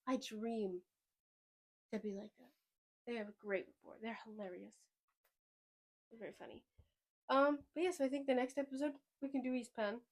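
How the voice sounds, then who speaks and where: A woman hosting a podcast in casual chat, rambling and excitable, often trailing off mid-sentence. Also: on the high side, moderate pace, long pauses. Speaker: podcast host.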